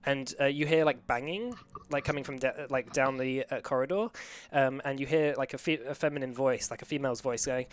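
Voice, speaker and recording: A man's voice: mid-range voice, steady tone, brisk, smooth. A young man running a tabletop game as game master, describing scenes in a rambling way with many fillers.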